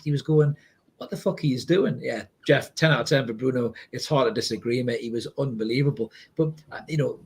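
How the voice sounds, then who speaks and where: A man, co-hosting a podcast, chatting excitably, swearing freely and reading out viewer comments. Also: medium pitch, husky. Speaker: podcast co-host. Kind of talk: casual match reaction chat.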